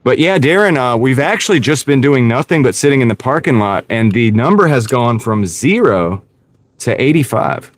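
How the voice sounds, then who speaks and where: Over steady car road noise, this man talks at a moderate pace in a medium-pitched, animated voice. He's a gig delivery driver live-streaming from his car, bantering loosely, poking fun at himself, and calling out chatters by name.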